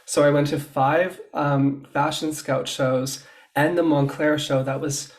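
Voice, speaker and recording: A man being interviewed about his work as a stylist, telling his story in a chatty, animated way. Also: fairly high pitch, measured pace. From Canada. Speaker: guest, fashion stylist. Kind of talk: casual interview chat.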